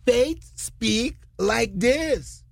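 Animated, laughing Bible-teaching co-host. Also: medium pitch, very slow, gravelly, no room sound. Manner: animated, laughs often, retells scripture dramatically; non-standard English grammar. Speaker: Christian radio co-host.

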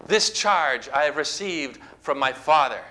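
A man voicing Jesus in a calm, solemn, commanding way. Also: a little high, a little slow, poor audio.

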